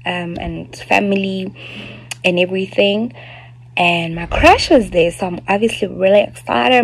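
Husky South African woman telling a story. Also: medium pitch, low-quality recording. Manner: candid, chatty, full of fillers and asides. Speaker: vlogger. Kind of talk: personal storytelling.

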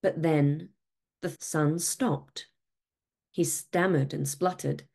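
A woman narrating a rhyming picture book aloud in a measured, expressive storyteller's delivery. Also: low-pitched, gravelly.

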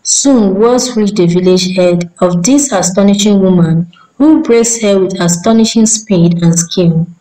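A woman narrating a folk tale in a steady, measured storytelling manner. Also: mid-range voice, low-quality recording.

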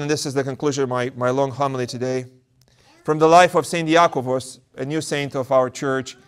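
Male priest, fairly high voice, preaching a sermon, repeats words as he goes. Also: smooth. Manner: repeats words while working through a thought. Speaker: Orthodox priest.

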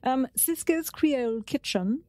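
A woman's voice: sits high, expressive, a little slow, darkish tone, no room sound. A woman co-hosting a podcast in casual chat, chatty and teasing. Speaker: podcast co-host.

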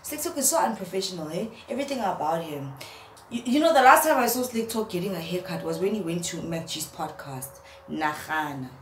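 Lively woman roasting someone. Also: fairly low pitch, fairly quick. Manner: mocking, animated, laughs at her own jokes. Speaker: vlogger. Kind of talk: roasting rant to camera. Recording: roomy echo, faint background hum.

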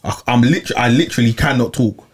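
A man's voice: mid-range voice, a little fast, slightly rough. Young man telling a story. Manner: animated, repeats himself, London slang. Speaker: podcast regular. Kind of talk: casual storytelling chat.

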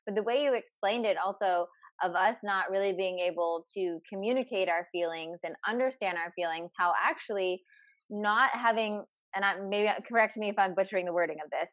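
A young woman hosting an interview, eager and quick, laughing easily with frequent fillers. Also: mid-range voice, fairly bright tone, no room sound. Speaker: podcast host. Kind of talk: casual interview chat.

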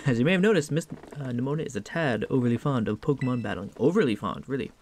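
A man's voice: mid-range voice, lively intonation, quick pace, a little mellow, close to an everyday voice. A man voicing a formal, polite middle-aged school director in a game.

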